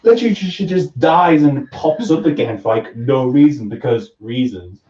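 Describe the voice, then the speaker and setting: A man with a Newcastle Geordie accent chats casually on a livestream, often stammering and starting over. His pitch moves a lot, rising and falling as he talks. The audio is a bit dull and lo-fi. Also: animated, moderate pace, darkish tone. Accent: Northeast English, Newcastle. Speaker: host.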